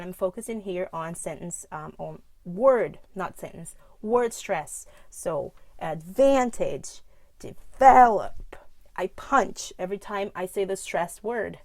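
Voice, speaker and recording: Gravelly-voiced woman teaching pronunciation. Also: on the low side, a little mellow, no echo. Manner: demonstrates words slowly with exaggerated stress, laughs often. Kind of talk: casual video lesson.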